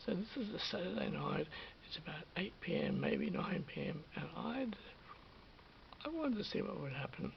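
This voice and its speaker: Brief: middle-aged man, very gravelly voice, rambling storyteller, dull lo-fi recording. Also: sits high, big pitch swings, moderate pace, slight background noise. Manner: hesitant, self-correcting, drifts into whispers. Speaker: vlogger. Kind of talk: rambling personal anecdote.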